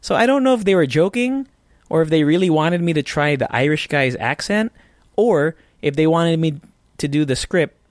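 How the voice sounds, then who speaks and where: A man's voice: fairly high pitch, no echo, clean studio sound. A man with a Filipino English accent hosting a casual solo podcast from his apartment, rambling and chatty with self-deprecating humor. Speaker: podcast host.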